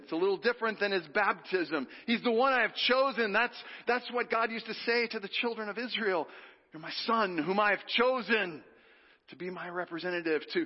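A man preaching a sermon, drawing the congregation into call-and-response, with dramatic pauses and hushed drops on key words. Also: sits high. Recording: dull reverberant hall sound.

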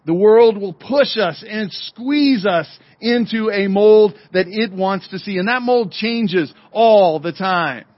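High-voiced preaching pastor, dry lo-fi audio. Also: male voice, dry recording. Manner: emphatic preaching with dramatic slowdowns and drops to a murmur; addresses the congregation and online viewers directly. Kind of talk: sermon. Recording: dull lo-fi sermon audio.

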